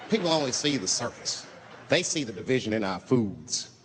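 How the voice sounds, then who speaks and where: In a noisy live-show recording, an American man with a medium-pitched voice swings widely in pitch while speaking at normal speed. He's a stand-up comedian telling stories loosely, dropping punchy, profane asides as the audience laughs.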